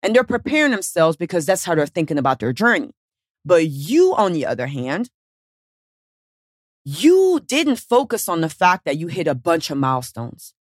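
A woman hosting a motivational podcast as a weight-loss coach, talking casually and bluntly with plenty of swearing and lively storytelling. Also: on the low side, moderate pace, dry recording, clean studio sound. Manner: casual, profane, animated storytelling.

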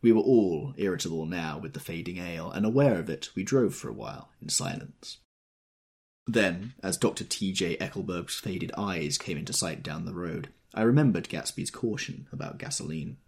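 Deep gravelly man narrating a story. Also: lively intonation, moderate pace, darkish tone. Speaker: audiobook narrator. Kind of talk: scripted narration.

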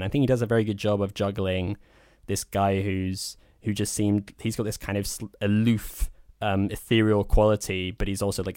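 In clean studio sound with no room echo, a man with a lowish, darkish voice co-hosts a podcast. He chats casually about a film, offering blunt opinions and drifting into loose spoken asides.

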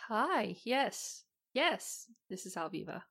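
Gravelly-voiced woman rambling along as her tabletop character, lots of ums and restarts. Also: on the high side, big pitch swings, takes it slowly, fairly bright tone. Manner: rambling, hesitant. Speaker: player. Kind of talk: tabletop role-play, in character.

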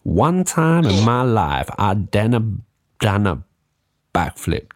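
A man's voice: lowish voice, sing-song, slow pace, no room sound, studio quality. A young English man hosting a podcast, rambling and teasing in silly casual banter. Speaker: podcast host.

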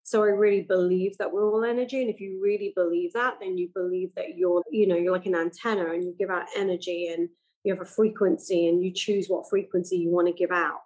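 A woman, a podcast guest chatting casually and telling animated stories. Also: lowish voice, fairly quick, muffled recording. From England. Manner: animated storytelling, acts out quoted voices. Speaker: guest, entrepreneur and investor. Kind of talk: casual interview chat.

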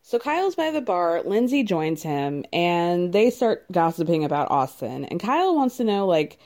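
Chatty woman with a mellow voice. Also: on the low side, sing-song, normal speed, few pauses. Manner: chatty, laughs often, lots of "like". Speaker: podcast host recapping a reality show. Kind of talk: casual gossip recap.

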